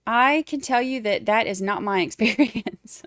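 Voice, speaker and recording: A woman's voice: a little high, unhurried, fairly bright tone, no echo, clean studio sound. A woman hosting a casual livestream, chatting with viewers in a snarky, laughing way. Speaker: livestream host. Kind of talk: casual chat with live chat.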